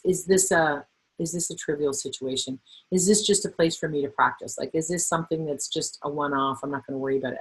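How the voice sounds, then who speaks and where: A middle-aged woman presenting a webinar, talking in a lively, conversational way and acting out quoted voices. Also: low voice, breathy edge, rough recording. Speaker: webinar presenter on workplace bullying. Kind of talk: webinar talk.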